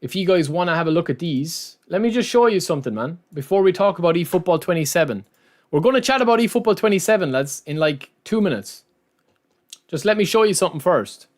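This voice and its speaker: Streamer guy, kinda high voice, talks to chat, lots of lads and man. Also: lively intonation, fairly quick. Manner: chatty, says lads and man often. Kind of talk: casual live-stream chat.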